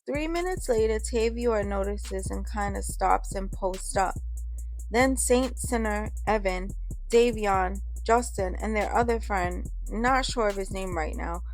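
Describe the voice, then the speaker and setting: A woman's voice: mid-range voice, measured pace, faint music behind. A woman narrating a first-person story in a casual, slangy way.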